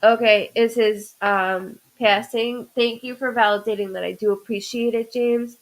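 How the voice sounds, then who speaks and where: Woman medium hosting a live stream, slightly higher voice, halting delivery full of pauses and restarts. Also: steady tone, low-quality recording. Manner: halting, stops to say "hold on" and restarts a lot. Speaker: psychic medium host. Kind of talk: live-streamed psychic reading.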